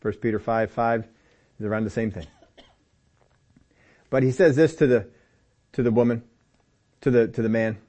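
A man's voice: medium pitch, fairly even intonation, normal speed, pauses often, mellow. A man teaching from the Bible in a sermon, speaking emphatically and repeating phrases for stress while talking straight to his listeners. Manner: talks directly to listeners, sometimes by name.

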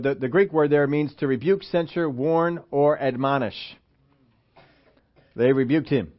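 A man preaching a sermon in a church, animated, acting out quotes and asking the congregation questions. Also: medium pitch, moderate pace, pauses often. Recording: dull lo-fi sermon recording.

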